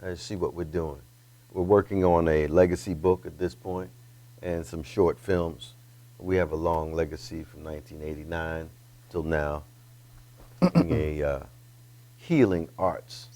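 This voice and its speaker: A male guest with a deep voice speaks in a halting, low-key way. He spells out details slowly and corrects himself as he goes. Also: steady tone, dark tone. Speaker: guest, musician and artist. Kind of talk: casual chat.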